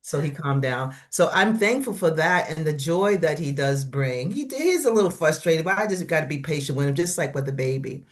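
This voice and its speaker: An older woman with grandchildren sharing simple joys in a casual church group conversation, chatty with halting restarts. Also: low-pitched, very animated.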